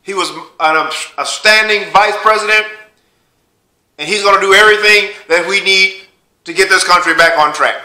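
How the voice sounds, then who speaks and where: A man voicing a male former president who gives a loud, formal address in an echoey room. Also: sits high, normal speed, voice pushed up. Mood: solemn, rousing.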